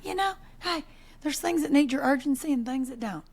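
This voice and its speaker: A woman in her forties co-hosting a podcast, telling animated stories in casual chat and laughing often. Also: high voice, fairly quick. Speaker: podcast co-host.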